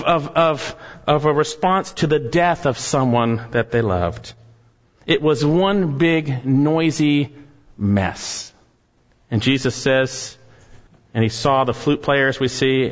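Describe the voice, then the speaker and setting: A man preaching an earnest expository sermon as pastor, rising to animated emphasis on key points. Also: fairly high pitch. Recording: muffled sound with long hall reverb.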